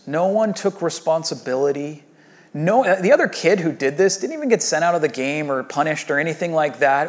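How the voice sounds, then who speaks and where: A pastor in his thirties delivers a sermon in a relaxed, conversational way. His voice sits on the higher side for a man. He moves between animated storytelling and quiet, hushed reflection.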